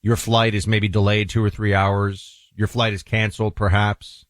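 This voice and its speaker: A man hosting a political talk show, delivering commentary in a halting way, full of restarts and uhs, with pitch that jumps up for emphasis. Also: flat delivery, no echo, clean studio sound. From New York City. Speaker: radio talk show host.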